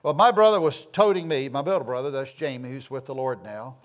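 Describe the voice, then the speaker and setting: A man's voice: mid-range voice, a little fast. A middle-aged man from the southern United States tells a rambling, homespun personal story with self-deprecating humor.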